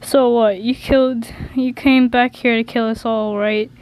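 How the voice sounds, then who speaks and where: A defiant young man throws blunt insults and curses, voiced by a woman reading aloud. The voice is fairly high and slow, close to her own. It is a storybook reading with everyday acting. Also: fairly even intonation, a little mellow, natural voice, poor audio. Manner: blunt, swearing.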